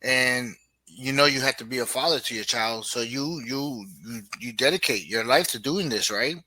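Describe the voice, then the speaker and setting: A man's voice: mid-range voice, moderate pace, dry recording. A middle-aged man co-hosting a casual podcast chat, telling stories animatedly and acting out what his kids say. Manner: animated storytelling, acts out family quotes. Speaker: podcast co-host.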